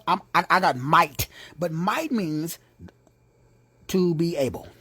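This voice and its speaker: A man with a Texan accent preaching an informal sermon, playful and slangy, who drops into hushed whispers for asides. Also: sits high, slightly rough, dry recording. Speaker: preacher and teacher.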